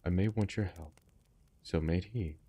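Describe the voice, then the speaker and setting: A man reading as a brisk, commanding detective. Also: low voice, warm tone, husky, no echo. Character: brisk, confident male detective.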